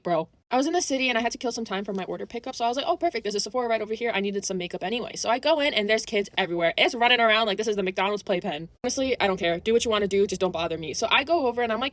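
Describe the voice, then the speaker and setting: A woman's voice: fairly high pitch, no room sound. A young woman telling a dramatic story-time tale, acting out the dialogue. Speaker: storyteller in a social media clip.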